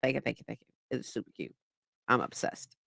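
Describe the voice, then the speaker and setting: Animated, playful young woman streamer. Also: extremely low pitch, a little fast, vocal fry, no echo. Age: 20s. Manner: playful, mock-dramatic, reads chat aloud. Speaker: livestream host. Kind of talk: casual livestream chat.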